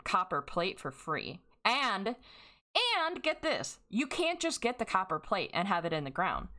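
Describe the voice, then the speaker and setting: A woman's voice: on the low side, a bit bright. A young woman game streamer in a casual, emotional rant, grieving and angry, swearing often as she vents. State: grieving and upset.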